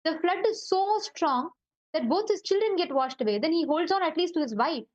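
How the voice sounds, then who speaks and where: High-voiced woman telling a spiritual story. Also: moderate pace, dry recording, dull audio. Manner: animated, with fillers like "uh" and "you know". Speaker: devotee giving a spiritual talk.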